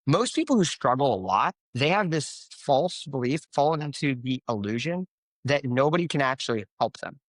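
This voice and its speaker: A man's voice: medium pitch, big pitch swings, normal speed, no room sound. A man, a coach, speaking as a podcast guest, telling stories and giving life advice in an earnest, motivational way. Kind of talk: conversational podcast interview.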